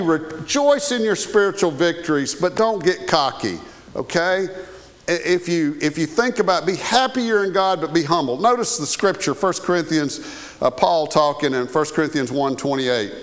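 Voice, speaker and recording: A man preaching in a slightly higher-than-usual voice, talking to his congregation in an easy, conversational way. He checks in with them often. The sound carries a long reverb, as in a large church sanctuary. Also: lively intonation, moderate pace. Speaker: pastor. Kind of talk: sermon.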